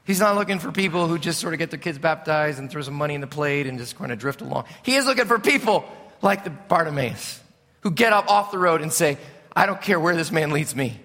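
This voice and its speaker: A man preaching a sermon as a pastor, impassioned, swinging between loud and hushed. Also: a little high, lively intonation, fast. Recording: preached in a reverberant hall.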